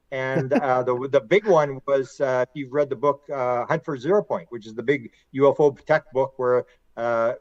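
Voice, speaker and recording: A middle-aged man, a podcast guest and author, telling long stories in a rambling, animated way and acting out quotes. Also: medium pitch, dry recording, dull audio. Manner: animated, rambling storyteller who acts out quotes. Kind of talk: casual conversational storytelling.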